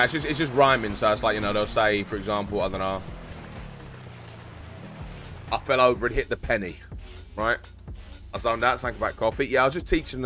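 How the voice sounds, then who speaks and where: A man with a London accent chats to his stream viewers, his voice sitting a little low. He explains things in a loose, rambling way and swears casually. Soft music plays faintly behind him. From South East London.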